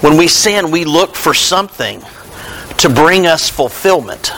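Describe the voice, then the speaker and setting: Guy preaching a sermon, high bright voice, takes his time, little hiss behind. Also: a little slow. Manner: animated storytelling preacher, acting out Bible dialogue. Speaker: pastor.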